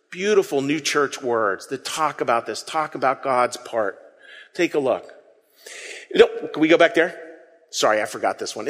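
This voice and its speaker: A man preaching a sermon to a congregation. He talks in a lively, conversational way and has the audience repeat phrases back to him. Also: on the high side, long reverb tail. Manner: animated, conversational preaching with audience call-and-response. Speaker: pastor.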